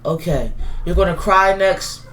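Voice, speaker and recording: A woman's voice: lowish voice, measured pace, fairly bright tone, soft background music. A woman voicing a laid-back, teasing male friend in a comedy sketch. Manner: casual, teasing.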